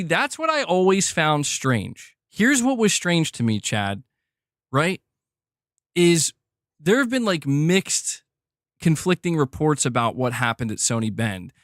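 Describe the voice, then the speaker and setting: A man hosting a livestream, ranting in a heated, animated way and swearing freely while reading chat. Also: fairly high pitch, no echo, clean studio sound. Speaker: streamer host. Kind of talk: casual livestream rant.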